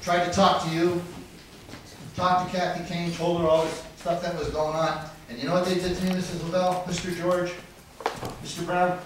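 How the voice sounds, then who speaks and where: A man speaking loudly and insistently during public comment at a city council meeting, accusing officials. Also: high-pitched, little pitch movement, normal speed, background noise. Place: indoor city council chamber. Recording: echoey hall audio from a distant mic.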